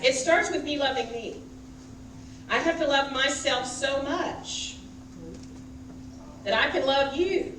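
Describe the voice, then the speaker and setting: A woman minister preaching to her congregation, with a fairly high voice and an unhurried delivery. She keeps the sermon conversational, putting questions straight to the people in front of her. Her voice echoes through a church hall and is picked up from a distance, with music playing behind her. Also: a bit bright. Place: church sanctuary.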